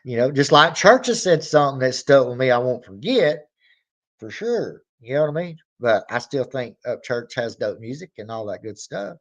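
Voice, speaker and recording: A man hosts his reaction channel, chatting casually and rambling in a drawling, expressive voice at medium pitch and moderate pace. Now and then he acts out little skits, complete with mock shouting.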